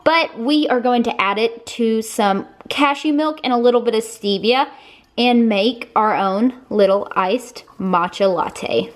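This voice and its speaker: A young woman with a regional accent giving a chatty, upbeat recipe demonstration, with self-deprecating asides. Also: a little high. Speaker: cooking vlogger.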